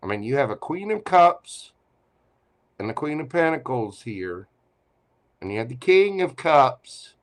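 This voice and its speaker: A man's voice: medium pitch, very animated, a little slow, pauses often. A man giving a live tarot reading, teasing and playful as he talks straight to the listener. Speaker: tarot reader.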